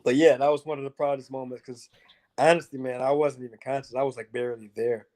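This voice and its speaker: A man, a mixed martial arts fighter, telling his fight stories in a casual interview, animated and profane, with lots of filler words. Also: medium pitch, quick pace. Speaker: MMA fighter guest.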